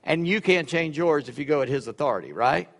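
A male pastor preaching a sermon, swinging between loud emphatic lines and quiet, joking asides. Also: fairly high pitch, lively intonation, a little fast. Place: church sanctuary. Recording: echoey hall with long reverb.

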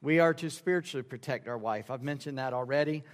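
A man's voice: medium pitch, fast. Folksy preacher man in a reverberant hall. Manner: folksy storytelling, acts out dialogue in quoted voices. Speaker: pastor. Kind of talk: sermon. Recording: reverberant sanctuary sound.

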